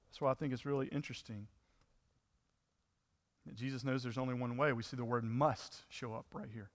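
A man's voice: mid-range voice, fairly even intonation, brisk, pauses often, long reverb tail. A man preaching a sermon in a conversational way, acting out the people in the story with rising intensity. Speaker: pastor.

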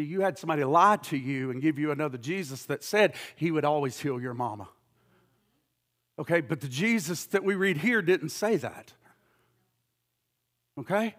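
A male pastor preaching a sermon with impassioned swings from loud fervor to hushed intensity, often repeating words. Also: fairly high pitch.

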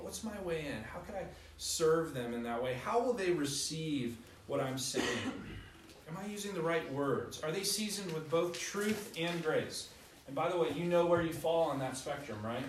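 A man's voice: fairly high pitch, distant mic, a little hiss or hum. A young adult man preaching a conversational sermon, telling stories with self-deprecating humor. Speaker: pastor. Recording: echoey hall, voice from afar.

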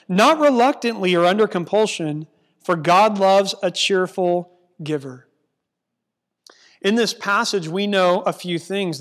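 Man, pastor, high voice, earnest sermon, slows down for emphasis. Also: a bit bright. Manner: earnest preaching, slows for emphasis, reads scripture aloud.

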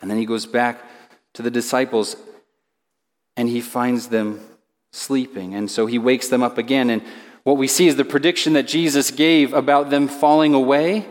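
A man delivers a sermon in an easy, conversational way, slipping in casual asides. His medium-pitched voice rings out with long reverb around it. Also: fairly even intonation, moderate pace. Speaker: pastor.

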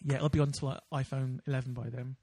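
A man's voice: medium pitch, level tone, fast, dark tone. A man co-hosting a podcast in casual chat, rambling with many fillers and restarts. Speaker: podcast co-host.

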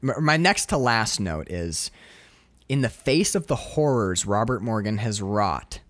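A man casually discussing a film, acting out scenes with lively quoted voices. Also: fairly low pitch, measured pace, no echo. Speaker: podcast co-host.

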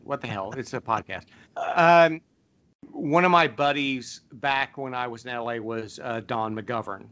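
A man hosting a podcast, chatting casually and spinning long anecdotes. His voice is bright and forceful, and he pads his stories with plenty of ums and you knows. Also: mid-range voice. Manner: rambling storyteller with many fillers. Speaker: podcast host. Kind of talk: casual chat and storytelling.

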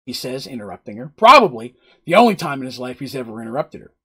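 Brief: husky, animated male streamer retelling a game session. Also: medium pitch, quick pace. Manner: animated, chatty, asides to chat. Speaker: storyteller recapping a game. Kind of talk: casual storytelling on a live stream.

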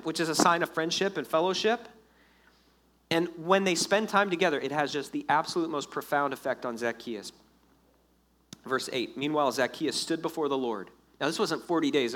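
A man preaches a sermon with a slightly high voice, talking to the congregation like a friend. He is animated and casual and acts out the lines he quotes. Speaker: pastor.

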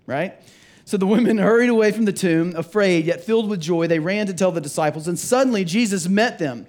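High-voiced pastor preaching casually. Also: male voice, brisk, a little mellow. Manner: casual and rambling, with frequent restarts and repeated words. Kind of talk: conversational Easter sermon. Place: church sanctuary.

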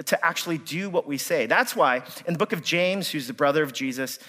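A man, preaching a sermon and telling stories with lively swings in voice as he acts out his own replies. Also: fairly high pitch, fairly quick. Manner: animated storytelling, acting out his own angry replies. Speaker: pastor.

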